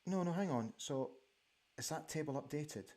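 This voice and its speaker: Excitable man hosting a football watch-along. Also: on the high side, normal speed. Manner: excitable, exclaims and repeats himself. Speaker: host. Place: studio.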